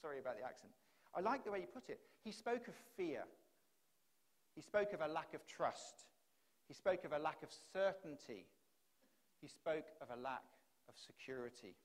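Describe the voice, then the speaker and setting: A man delivers a keynote in a conference hall, building his points through repeated rhetorical questions into a stage microphone. His voice is on the high side and expressive, at normal speed with long pauses.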